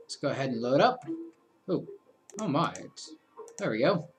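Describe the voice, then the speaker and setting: A man's voice: mid-range voice, sing-song, normal speed, music in the background. A young man hosting a let's play, giving casual, playful commentary that trails off into mumbled asides.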